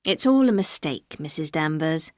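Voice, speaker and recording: A woman voicing a gruff, brooding older aristocratic husband, speaking low, curt and measured. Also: lively intonation, no echo, studio quality.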